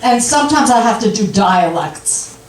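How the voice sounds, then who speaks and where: An older woman doing a stand-up comedy set, delivering punchlines in an unhurried deadpan way. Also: a little high, slight background noise. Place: comedy club stage. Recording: echoey club from a distant mic.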